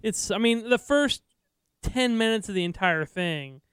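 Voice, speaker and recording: A man co-hosting a podcast in casual chat, halting and stammering as he speaks. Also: high voice, expressive, a bit bright, clear, resonant tone, dry recording, clean studio sound. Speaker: podcast co-host.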